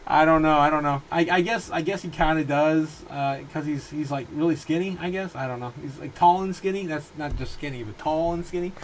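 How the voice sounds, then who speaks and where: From a room in his home, a man in his thirties hosts a casual crypto livestream, his voice on the high side with background noise present. He rambles through viewer comments, restarting sentences haltingly and laughing often.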